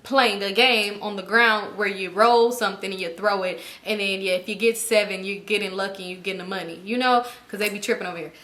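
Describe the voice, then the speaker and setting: A woman vlogger telling a story to her viewers in a chatty, animated, slangy way. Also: mid-range voice, brisk, hardly any pauses. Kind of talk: casual storytelling to camera.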